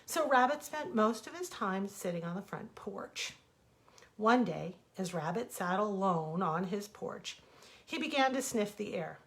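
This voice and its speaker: A woman author reading her own fables aloud as bedtime stories, gentle and expressive, into a webcam. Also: medium pitch, unhurried.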